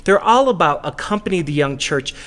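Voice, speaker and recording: A man with a somewhat high voice co-hosts with enthusiasm and playful banter. The sound carries a long reverb. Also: lively intonation, fairly quick, a bit bright. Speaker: co-host. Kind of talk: live-stream hosting banter.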